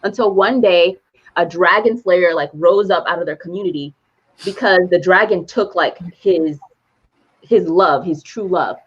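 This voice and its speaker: A woman co-hosting a podcast who retells a movie plot in casual chat, animated and laughing as she goes. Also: on the low side, a little slow, breathy edge, highs cut off. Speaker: podcast co-host.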